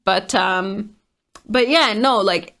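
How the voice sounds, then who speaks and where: A woman's voice: medium pitch, slow, fairly bright tone. A woman giving casual, exasperated commentary while reading out online comments, often laughing.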